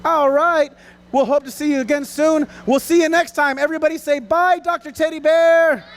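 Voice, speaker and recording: A man presenting a lively children's stage show at a festival, playful and hammy, rousing the crowd of kids. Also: extremely high pitch, normal speed. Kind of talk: energetic kids' stage show.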